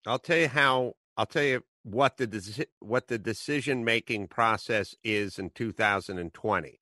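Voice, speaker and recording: A middle-aged man hosting a podcast, ranting and telling animated stories with put-on quotes. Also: on the low side, normal speed, no echo, clean studio sound. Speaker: podcast host. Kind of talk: casual chat.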